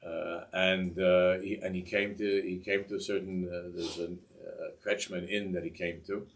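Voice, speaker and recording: A man with a very low voice tells a Hasidic tale to a class. He rambles and keeps restarting his sentences, and he sits well back from a distant mic. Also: flat delivery. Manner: rambling, halting, with many restarts and asides. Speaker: Torah teacher. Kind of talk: telling a Hasidic story in a class.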